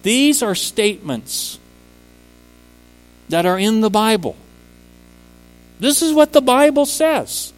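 A man's voice: high-pitched, expressive, slow pace, pauses often, long reverb tail, low-quality recording. A man preaching a sermon, speaking emphatically and rising to impassioned peaks on key words. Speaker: preacher and teacher.

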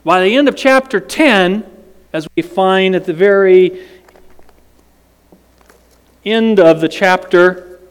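A pastor with a high, clear voice preaches a sermon slowly and dramatically, tossing questions out to the congregation. A long church-hall reverb rings around his words.

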